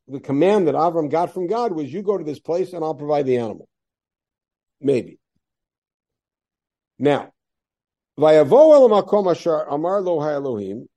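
A man's voice: on the high side, warm tone. A man teaching a class on a biblical text, reading Hebrew verses aloud and explaining them with rhetorical questions. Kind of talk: classroom Torah lesson.

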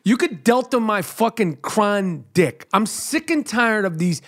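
A man's voice: high-pitched, expressive, a little slow. A man co-hosting a podcast, joking and teasing with profanity. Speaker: podcast co-host. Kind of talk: casual podcast chat.

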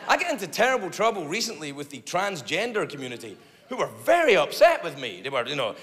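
A man's voice: a little high, wildly swooping pitch, fast. A man doing stand-up comedy live, rambling and profane, mocking himself as he goes. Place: live comedy venue with audience. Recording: reverberant live room with loud crowd.

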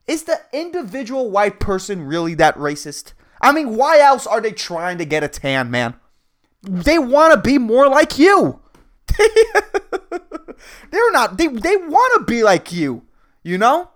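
A man's voice: high voice, huge pitch swings, a little slow. A man hosting a solo comedy podcast, ranting in a profane, rambling way and laughing at his own jokes. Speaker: podcast host.

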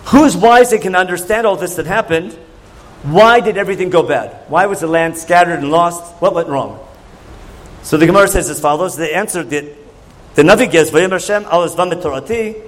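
A man's voice: sits high, fairly quick, low-quality recording. A man teaching a Torah class in a conversational lecture, often asking his listeners questions. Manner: questioning, conversational, asks the audience.

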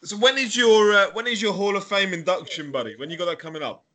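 Bright-voiced English interviewer. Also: male voice, high-pitched, fast. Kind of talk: casual interview chat.

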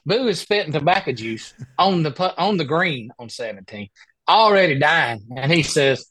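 A man who plays golf for a living, telling an animated, rambling story in a casual podcast interview on a close mic. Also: fairly high pitch, moderate pace, husky, dry recording. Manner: animated, rambling anecdote with many restarts. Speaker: guest, professional golfer.

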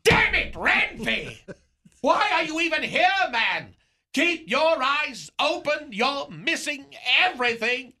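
A man's voice: very high voice, sing-song, measured pace, sharp tone, heavily acted. A man doing a pompous old movie star. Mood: storytelling. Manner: grandiose, theatrical, laughing at his own jokes. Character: pompous aging male movie star, vain and theatrical. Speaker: recurring comedy character. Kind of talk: morning radio comedy sketch.

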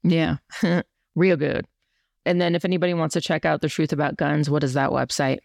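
A young woman hosting a casual podcast chat, talkative and quick to laugh. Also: sits low, fairly even intonation, creaky, dry recording, clean studio sound. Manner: chatty, laughs often, quotes herself in playful voices. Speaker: podcast host.

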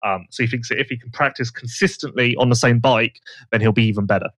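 A man's voice: medium pitch, quick pace, a bit bright. A man co-hosting a podcast, chatting casually and teasingly about motocross racing, rambling with restarts. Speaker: podcast co-host.

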